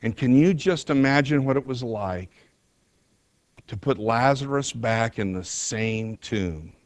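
A man's voice: mid-range voice, expressive, takes it slowly, no room sound. A man preaching an earnest sermon, retelling a scripture story with rising emphasis. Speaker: pastor.

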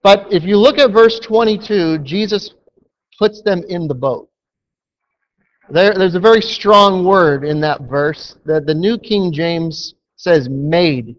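A man's voice: sits high, slow pace. A man preaching a sermon, telling a Bible story with emphasis and acting out quotes. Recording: dull lo-fi sound.

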